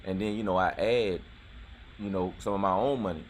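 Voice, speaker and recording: Man, very deep voice, casual host chat, laid-back, fillers and restarts, faint hiss. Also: normal speed. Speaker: YouTube host.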